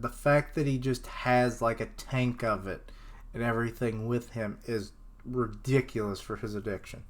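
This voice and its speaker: A man's voice: mid-range voice, fairly even intonation. A man reading a comic aloud on a live stream, reacting and joking between panels and slipping into character voices. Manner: slow, chatty, slips into character voices and laughs at himself. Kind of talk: live comic read-along with commentary.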